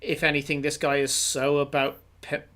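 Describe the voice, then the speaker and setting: A man's voice: fairly high pitch, completely flat delivery, moderate pace, fairly bright tone. A man narrating as game master of a tabletop game, rambling with many filler sounds.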